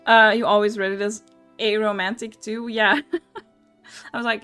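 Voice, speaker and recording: A woman's voice: medium pitch, level tone, measured pace, long pauses, fairly bright tone, smooth, soft background music. A young woman streamer giving casual, giggly, chatty commentary while playing a game. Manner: giggly, chatty, self-deprecating.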